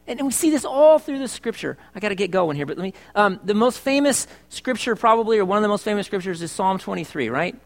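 Man, high voice, middle-aged pastor, church sermon, conversational, playful asides. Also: expressive, fast, few pauses. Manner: conversational and joking, asks the congregation questions. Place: church service.

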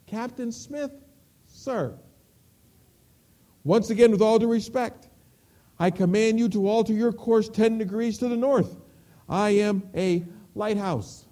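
A man voicing a polite young male private who calmly holds his ground. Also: sits high, measured pace. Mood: quiet. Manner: level, respectful, unmoved.

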